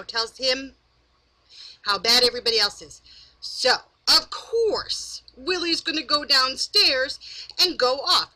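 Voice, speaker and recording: A woman's voice: high voice, bright, forceful tone, rough recording. A woman doing a casual late-night recap from home, tired, chatty and exasperated. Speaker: recap vlogger. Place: home, in pajamas.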